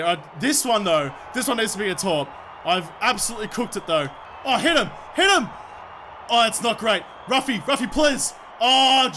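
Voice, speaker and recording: Young man, Australian accent, very high voice, bright tone, rowdy gameplay commentary, frequent shouting. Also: slight background noise. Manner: shouts and cheers at the game, cheeky jokes. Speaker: gaming video creator.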